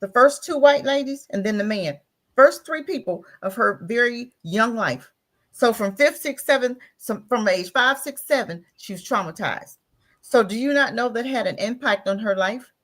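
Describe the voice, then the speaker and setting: A woman's voice: fairly high pitch, animated, normal speed, fairly bright tone. A woman hosting talk radio who makes emphatic, preachy commentary, repeats her points and asks rhetorical questions.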